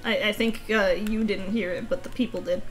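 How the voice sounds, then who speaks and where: A woman's voice: medium pitch, fairly even intonation, a little fast, soft background music, poor audio. A woman streaming a video game, chatting casually with a co-player; she is feeling sick, teases, swears casually and jokes at her own expense. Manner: playful, self-deprecating, swears casually. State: sick, under the weather. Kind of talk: casual gaming chat.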